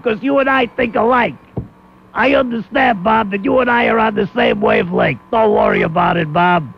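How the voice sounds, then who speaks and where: A man putting on the voice of a loud, boorish caller who fawns over the host, brash and repetitive. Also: extremely high pitch, vocal fry, pitched above the performer's own voice, exaggerated voice. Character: loud boorish fawning male radio caller. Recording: muffled old AM radio recording.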